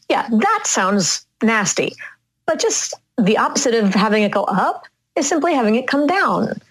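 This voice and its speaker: A woman speaking coach in a conversational interview, explaining vocal tone slowly and deliberately and sometimes demonstrating inflections. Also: fairly high pitch, big pitch swings, fairly bright tone, breathy edge, rough recording.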